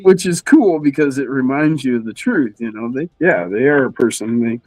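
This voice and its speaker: A man's voice: expressive, moderate pace, darkish tone, dry recording, low-quality recording. Laid-back swearing male streamer. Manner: laid-back, swearing, acts out quotes in a high voice. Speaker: co-host. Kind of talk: casual livestream chat.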